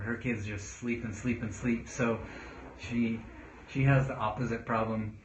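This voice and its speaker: A man's voice: mid-range voice, normal speed. A man who is a children's pastor, giving casual parenting advice to camera in a rambling way with restarts. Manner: rambling, with restarts and calm demonstrations of speech. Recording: roomy, dull sound with faint noise.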